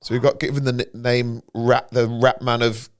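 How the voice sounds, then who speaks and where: A man's voice: mid-range voice, flat delivery, moderate pace, clear, resonant tone. A man who is a comedian co-hosting a podcast, chatting playfully and laughing between loose, rambling stories. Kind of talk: casual banter.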